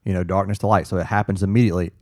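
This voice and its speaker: A man recounts a personal story in casual conversation, earnest and halting, often restarting his sentences. His voice sits on the low side, and the recording is dry with almost no room sound. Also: fairly even intonation, a little mellow, no room sound. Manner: earnest, halting with restarts, quotes others in dialogue. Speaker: firefighter guest.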